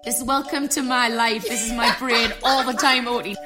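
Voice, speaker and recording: A woman's voice: fairly high pitch, fairly even intonation, moderate pace, over loud music. A woman from Newcastle with a Geordie accent, a podcast guest in casual chat, frank, swearing freely and laughing as she talks. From Newcastle, England.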